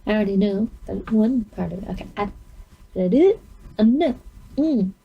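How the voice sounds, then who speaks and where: A woman's voice: mid-range voice, lively intonation, moderate pace, gravelly, dull audio, a little hiss or hum. A woman talking to herself while trying on makeup, rambling and giggling at her own expense. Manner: giggly, self-mocking, rambling. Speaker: vlogger. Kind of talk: casual self-talk while doing makeup.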